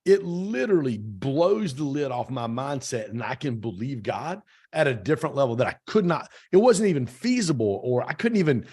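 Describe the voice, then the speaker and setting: A man's voice: mid-range voice, sing-song, normal speed, a little mellow, husky. A man hosting a podcast interview, telling stories with emphatic repeated phrases. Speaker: podcast host. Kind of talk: casual interview chat.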